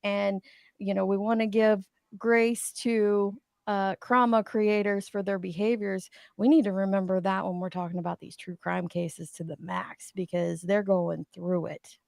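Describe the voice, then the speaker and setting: A woman's voice: mid-range voice, level tone, measured pace, gravelly, a little mellow, dry recording, studio quality. A woman hosting a casual livestream chat, emphatic and repeating words when worked up. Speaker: livestream host.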